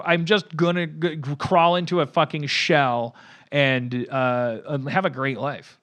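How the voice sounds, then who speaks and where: A man hosts a podcast and spins a long, meandering anecdote, cursing freely and mocking himself as he goes. His voice is bright and a little high for a man, and he keeps restarting his sentences as he talks. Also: flat delivery, a little slow. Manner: rambling, profane, self-mocking, many restarts. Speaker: podcast host. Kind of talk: casual rambling storytelling.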